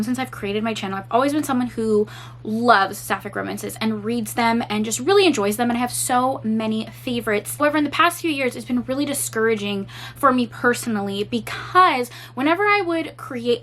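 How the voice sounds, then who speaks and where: A woman's voice: fairly high pitch, fairly bright tone, a little hiss or hum. A woman book reviewer talking in a casual reading vlog, chatty and heartfelt, with lots of "like" fillers.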